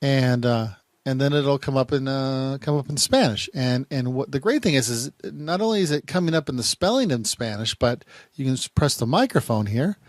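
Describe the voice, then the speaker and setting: A man's voice: mid-range voice, lively intonation, normal speed, dry recording. Rambling man reviewing apps, dry sound. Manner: rambling, with many repeated words and restarts. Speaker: private investigator. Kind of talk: casual talking-head app review.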